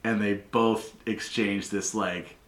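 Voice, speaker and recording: A man narrating a tabletop game as game master, casual and loose, full of "like" and quick laughs. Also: lowish voice, fairly even intonation, a bit bright, slight background noise. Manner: casual, lots of "like", laughs often. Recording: roomy echo.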